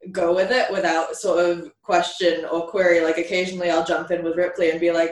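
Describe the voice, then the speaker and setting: A songwriter from a band chats loosely about how the group writes, with "like" dropped into nearly every phrase. The voice sits a bit away from the mic, and the room is bright and echoey. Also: mid-range voice, flat delivery, fairly quick, recorded from a distance. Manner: loose, filler-heavy talk with many "like"s. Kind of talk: casual interview chat.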